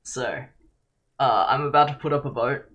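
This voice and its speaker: A man's voice: medium pitch, moderate pace, a bit bright. A man from Australia chatting casually and jokingly while streaming a game, laughing often. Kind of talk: casual gameplay stream chat.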